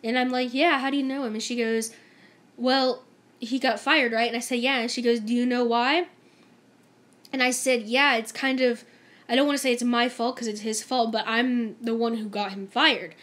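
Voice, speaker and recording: A woman's voice: a little high, steady tone, normal speed, fairly bright tone. A young woman vlogger telling a story-time tale in a chatty, emphatic way, acting out the dialogue.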